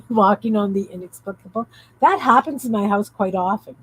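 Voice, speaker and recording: A woman's voice: medium pitch, normal speed, breathy edge, low-quality recording. A woman hosting a casual crafting live stream, tired, rambling and giggling as she chats with viewers.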